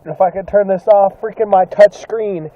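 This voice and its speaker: A man's voice: high-pitched, fairly even intonation, normal speed, dull audio. A man talking casually and profanely to a phone camera, complaining with mock melodrama while out in the rain and in his car. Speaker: vlogger. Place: outdoors and in a car during heavy rain. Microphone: phone camera held at arm's length. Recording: loud rain noise over phone audio. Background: pouring rain.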